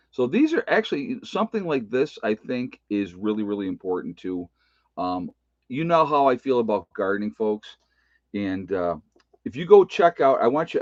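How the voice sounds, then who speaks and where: A man's voice: fairly low pitch, darkish tone, no room sound, highs cut off. An older man, a retired nurse, chatting casually on a live stream, rambling and chuckling as he teases himself. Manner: rambling, chuckling, self-teasing. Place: indoor room with bookshelves.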